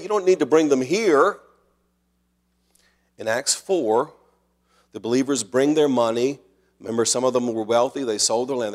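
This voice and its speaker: Earnest male pastor preaching. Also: mid-range voice. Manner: earnest preaching, swings between loud emphasis and quiet asides. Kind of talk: sermon.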